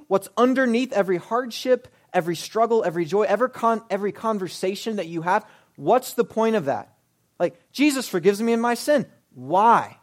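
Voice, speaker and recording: A young adult male pastor with a notably high voice, delivering a sermon. He presses his points with rhetorical questions and swings between forceful pushes and quiet, hushed asides.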